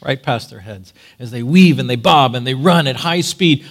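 A male pastor preaching a sermon, telling stories with dramatic swings between loud and hushed. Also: medium pitch, normal speed, hardly any pauses. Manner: animated storytelling, dramatic swings.

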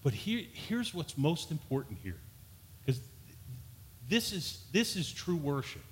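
A man's voice: fairly high pitch, sing-song, unhurried. A man preaching a sermon in an earnest style, stumbling over and repeating words, his voice rising for emphasis. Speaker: pastor.

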